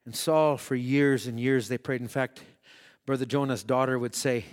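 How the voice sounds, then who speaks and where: A man preaching a sermon who swings between shouted peaks and hushed, drawn-out passages, telling stories with quoted voices. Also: medium pitch, fairly even intonation. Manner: dramatic storytelling with quoted voices.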